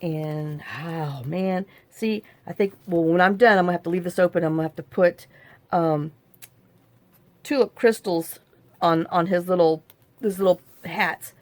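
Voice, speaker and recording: At a measured pace and in a dry recording, a middle-aged woman hosts a crafting video with a low, slightly mellow voice. She chats to herself while working, rambling through casual tutorial talk.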